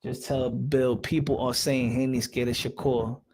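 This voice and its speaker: A man's voice: medium pitch, level tone, measured pace, darkish tone, slightly rough. A man hosting a casual boxing live stream, talking loosely in slang and muttering to himself while he checks who is on.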